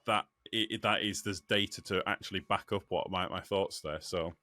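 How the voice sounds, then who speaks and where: A man co-hosting a podcast, chatting casually with halting restarts and mock-announcer jokes. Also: deep voice, steady tone, pushed and bright, no room sound. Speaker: podcast co-host. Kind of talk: casual chat.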